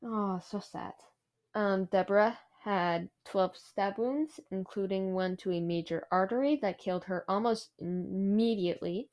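A woman's voice: mid-range voice, a little slow, a little mellow. Chatty woman hosting a true crime podcast. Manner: chatty, with frequent fillers. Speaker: podcast host.

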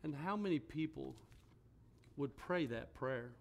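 A middle-aged man, a pastor, preaching a sermon. He tells a story in a low, quiet voice and then builds to loud, forceful emphasis. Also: expressive, unhurried, gravelly. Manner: storytelling, drops to a hushed voice for quoted words, then rises with emphasis.

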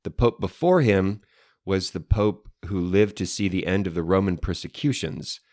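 A man's voice: low voice, normal speed, darkish tone, dry recording, studio quality. A man co-hosting a casual chat show, explaining history in an easy, playful way. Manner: explanatory, playful with mock French phrases. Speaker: podcast co-host.

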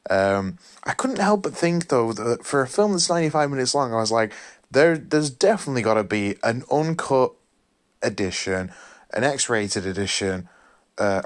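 A weary man talks through a film review in a loose, rambling way, often apologizing and trailing off. His voice sits fairly low, and he sounds worn out from a long weekend. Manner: rambling, apologetic, full of fillers and restarts. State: tired, yawning. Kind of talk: casual spoken film review.

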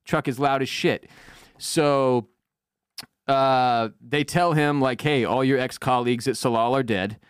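A man's voice: medium pitch, measured pace, smooth, no echo, clean studio sound. A man co-hosting a podcast, recapping a TV episode in casual chat and acting out lines from it. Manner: animated, acts out quotes in put-on voices. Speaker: podcast co-host.

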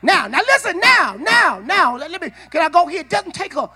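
A man preaching with a very high, bright, forceful voice. He works the congregation in call-and-response, repeats himself and restarts phrases, and climbs into shouting. He is in a church sanctuary. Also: big pitch swings, fairly quick. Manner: repeats words and restarts often. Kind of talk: sermon.

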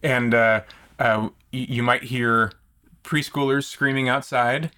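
A man's voice: mid-range voice, fairly even intonation, takes it slowly, bright, forceful tone, clean tone. A man pastor co-hosting a podcast from his church office, joking and rambling with many restarts and fillers. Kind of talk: casual chat. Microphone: podcast mic on a small soundboard.

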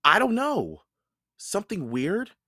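A man's voice: sits high, huge pitch swings, takes it slowly, bright, forceful tone, no echo, clean studio sound, voice pushed up, full character voice. A man voicing a nervous, thoughtful young boy in a read-aloud storybook, in a raised boyish voice. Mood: anxious.

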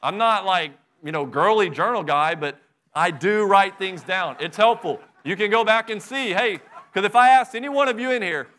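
A man's voice: high voice, moderate pace, pushed and bright. A middle-aged male pastor preaching a sermon with fervent, conversational delivery, full of rhetorical questions to the congregation.

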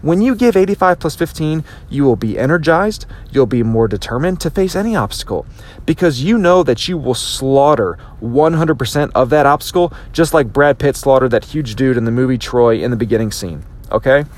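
Animated male motivational podcast host. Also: mid-range voice, normal speed. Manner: animated, repetitive restarts, acts out quotes. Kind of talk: motivational talk.

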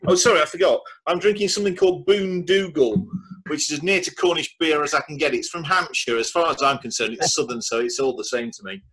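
Dry-humoured male panelist, bright forceful tone, on a video call. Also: a little high, quick pace, husky, low-quality recording. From Yorkshire. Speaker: regular panelist.

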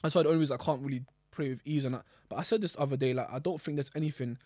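Lad co-hosting a podcast, rattles off slangy chat quick, dry sound. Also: male voice, medium pitch, dry recording. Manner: quick slangy talk, often laughing loudly. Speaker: podcast co-host. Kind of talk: casual chat.

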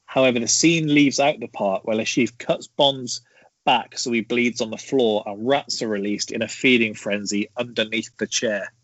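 A man reading out trivia in a casual podcast chat, with a measured delivery and hesitant fillers. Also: mid-range voice, steady tone, fairly bright tone, no echo. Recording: dry, dull lo-fi sound.

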